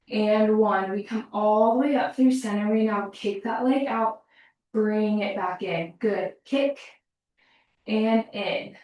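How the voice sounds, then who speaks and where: Recorded from afar on a laptop in a reverberant room, a woman with a mid-range, slightly mellow voice coaches pilates, out of breath as she counts reps down and cheers her students on.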